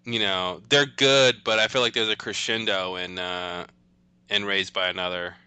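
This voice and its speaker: Podcast co-host guy, bright smooth voice, dry mic, wisecracking. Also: low voice, steady tone, normal speed, no echo. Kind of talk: casual chat.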